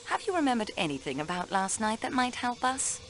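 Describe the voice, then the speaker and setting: Probing young game sleuth, polite, lively pitch, faint hiss. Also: female voice, a little fast. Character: sharp young female railway clerk playing detective. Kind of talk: video game voice acting.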